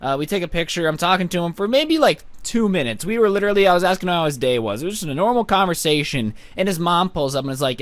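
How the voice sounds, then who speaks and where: A man's voice: fairly high pitch, very animated, quick pace, hardly any pauses, dry recording. A young man telling a story time on his channel, chatty and sarcastic with lots of fillers. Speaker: YouTuber storyteller.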